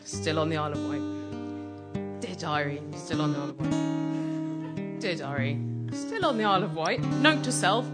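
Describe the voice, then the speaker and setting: A woman doing deadpan comic storytelling on stage at a live show. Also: low voice, unhurried, long pauses. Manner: deadpan, dry comic delivery. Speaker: comedy performer. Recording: live performance with loud guitar. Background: guitar music.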